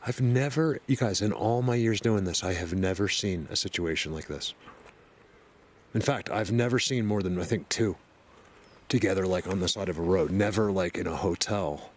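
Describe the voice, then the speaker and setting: A man vlogging outdoors on a mountain road, rambling excitedly to his viewers from a helmet camera. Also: low voice, moderate pace. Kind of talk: casual outdoor vlog.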